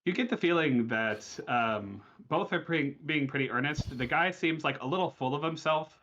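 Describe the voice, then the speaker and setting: A man narrating a tabletop game as game master, improvising hesitantly with many pauses. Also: a little high, fairly bright tone, muffled recording.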